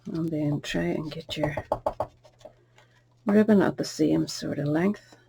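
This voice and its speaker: Craft lady with a bit of fry in her voice, chatty how-to, noisy home recording. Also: low-pitched, takes it slowly. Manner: chatty, homely, soft asides under her breath. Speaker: card-making tutor. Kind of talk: casual craft tutorial.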